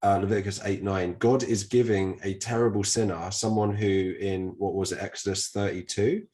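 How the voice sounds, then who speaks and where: A man's voice: fairly low pitch, little pitch movement, moderate pace, mellow. A British man co-hosting a casual Bible podcast, talking earnestly with a slight lisp from a mouth ulcer. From Britain. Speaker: podcast co-host.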